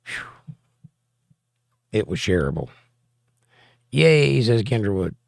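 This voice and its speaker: A man's voice: on the low side, big pitch swings, slow, vocal fry, no room sound, studio quality. A man hosting a casual livestream from home, reading viewer chat aloud and joking back. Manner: reads chat messages aloud, wisecracking.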